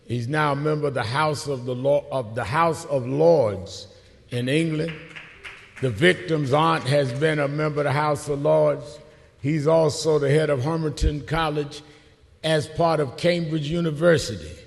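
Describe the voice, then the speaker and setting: Man, Brooklyn accent, gravelly voice, very slow rhetorical delivery, long hall reverb. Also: on the high side. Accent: Brooklyn New York. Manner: slow, rhetorical, repeated questions. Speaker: event host introducing a panel. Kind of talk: formal speech to a conference audience. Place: large conference hall.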